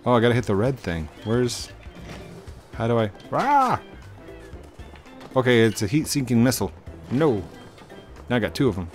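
A man's voice: medium pitch, very animated, moderate pace, long pauses. A man hosting a casual let's-play, chatting and talking to himself as he plays. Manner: chatty, self-talking, restarts. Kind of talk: casual gameplay commentary. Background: game music.

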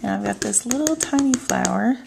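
A woman demonstrating card making step by step, calmly narrating what she does with her hands. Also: medium pitch, a little fast, vocal fry, heavy background noise. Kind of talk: step-by-step craft tutorial.

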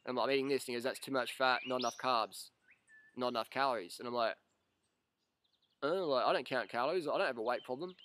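A man telling a casual story for his vlog, mid-pitched and animated. He swears freely and acts out the quotes as he goes. A faint noise sits under the recording. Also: fast talker. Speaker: vlogger.

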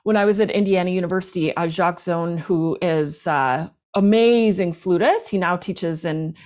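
A woman flute player, a professional performer and teacher, chatting in an interview, animated and talkative with lots of restarts. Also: on the low side, normal speed. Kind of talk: casual interview chat.

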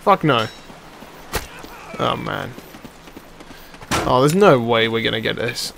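Excitable young man yelling at a game. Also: medium pitch, takes it slowly, gravelly, slight background noise. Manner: excitable, swears and yells at the game. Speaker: let's play commentator. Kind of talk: live gameplay commentary.

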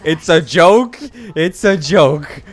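A man's voice: a little high, takes it slowly. Laughing young guy gaming with friends. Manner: laughs often, joking and teasing. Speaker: gaming channel host. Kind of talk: casual gaming banter with friends.

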